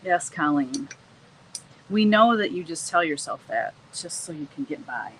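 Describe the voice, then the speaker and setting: A woman's voice: low voice, animated, a little slow, fairly bright tone, slight background noise, rough recording. A middle-aged woman hosting a live stream, chatting casually and laughing often while she paints and reads the chat.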